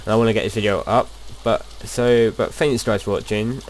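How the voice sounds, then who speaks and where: Low-voiced young man chatting over gameplay. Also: fairly even intonation, fairly quick, slight background noise. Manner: rambling, chatty, with frequent restarts. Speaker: gaming video host. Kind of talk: casual gameplay commentary.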